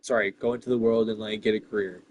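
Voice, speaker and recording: A man's voice: fairly low pitch, level tone, fast, a little mellow, slight background noise, rough recording. A man ranting casually to camera, exasperated and profane, with lots of "like" fillers. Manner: many "like" fillers. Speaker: vlogger. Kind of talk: casual rant.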